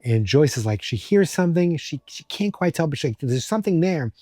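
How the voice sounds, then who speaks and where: Mellow, rambling male podcast host. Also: a little high, big pitch swings, fairly quick, no echo, clean studio sound. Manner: rambling, joking, many fillers. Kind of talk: casual episode recap.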